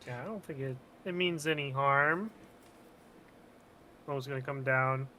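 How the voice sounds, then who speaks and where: A man's voice: mid-range voice, unhurried, sharp tone, a little hiss or hum. A man playing a tabletop roleplaying game, casually describing what his character does. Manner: casual, thinking aloud. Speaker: player.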